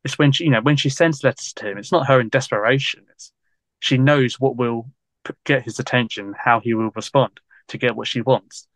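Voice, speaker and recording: A man chatting as a guest historian on a podcast, rambling along with endless "you know"s and easy laughter. His pitch sits in an ordinary middle range, and the sound is dry and close with no room echo. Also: fairly quick, a bit bright. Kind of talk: casual podcast interview.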